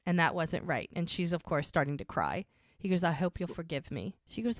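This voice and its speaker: Brief: woman podcast co-host, lower pitch, dry close sound, animated recap. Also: fairly quick, no echo. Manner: animated retelling, quoting characters' lines. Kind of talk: casual chat recapping a TV episode.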